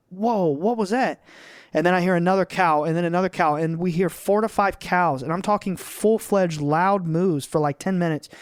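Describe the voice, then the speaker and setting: A man's voice: on the high side, clean tone, no room sound, studio quality. A man in his twenties, a podcast guest, telling stories earnestly and with energy in casual chat. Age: 20s. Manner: earnest, animated storytelling with restarts.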